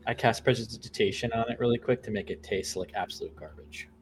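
A man's voice: on the low side, fast talker, slight background noise. A man playing a tabletop game, talking casually as a player.

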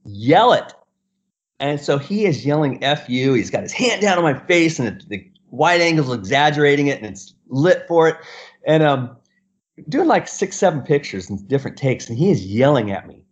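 A middle-aged man and portrait photographer telling a story in an animated way, acting out the other people's lines and laughing often. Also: on the high side, normal speed. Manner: acts out quoted voices and laughs often. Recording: dull lo-fi sound.

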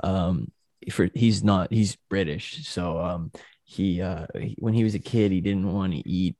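A man's voice: sits low, unhurried, dark tone, no room sound. A man co-hosting a sports podcast, telling a funny family anecdote in casual chat and laughing along. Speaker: podcast co-host.

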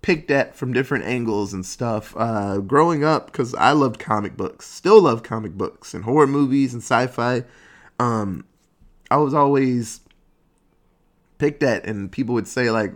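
A man giving a casual, rambling monologue, cursing freely and animated as he talks. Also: mid-range voice, measured pace.

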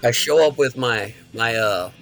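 A middle-aged man telling a story with excitement, acting out quotes as he goes. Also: mid-range voice, a little slow, gravelly, soft background music. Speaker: guest. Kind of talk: casual storytelling.

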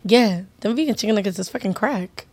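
A woman's voice: medium pitch, fairly quick, a little mellow, no echo. A young woman co-hosting a podcast, chatting casually in a blunt, joking way with heavy slang. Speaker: podcast co-host. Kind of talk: casual chat.

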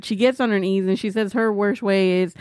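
A woman's voice: medium pitch, steady tone, a little fast, darkish tone, no room sound, clean studio sound. A woman co-hosting a casual podcast, chatting and laughing while recapping a horror movie and adding trivia. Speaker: podcast co-host.

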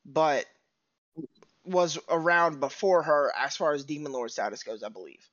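A man's voice: fairly high pitch, moderate pace, a bit bright. A man on a podcast, casually explaining things and tossing in rhetorical questions. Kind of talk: casual chat about anime. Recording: dull lo-fi recording.

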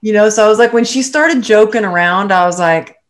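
A middle-aged woman tells a personal story in casual conversation, talking fairly quickly. She's animated, and her voice leaps up high whenever she quotes someone or laughs.

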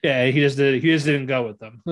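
A man's voice: mid-range voice, fairly quick. A man co-hosting a podcast in casual chat, retelling scenes with lots of laughs and restarts. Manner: animated retelling, acts out characters' lines with laughs; many fillers and restarts. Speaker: podcast co-host.

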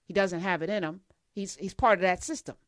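A woman's voice: lowish voice, fairly quick, no echo, clean studio sound. A woman hosting a casual conversation, who speaks bluntly and frankly. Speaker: host.

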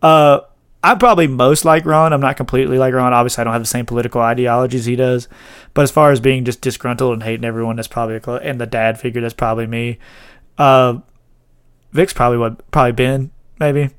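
A man's voice: mid-range voice, fairly even intonation, fast talker, clean tone, no echo, studio quality. A man hosting a casual podcast chat, rambling and laughing as he retells scenes. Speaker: podcast host. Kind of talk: casual chat about a TV show.

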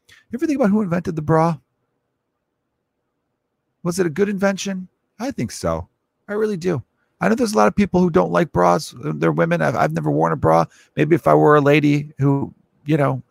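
A man's voice: fairly high pitch, lively intonation, moderate pace, vocal fry, no room sound. A man in his thirties, a comedian hosting his own show, rambling profanely through a casual comic monologue and acting out little scenes. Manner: rambling, profane, acts out quoted voices. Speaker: comedian podcast host.

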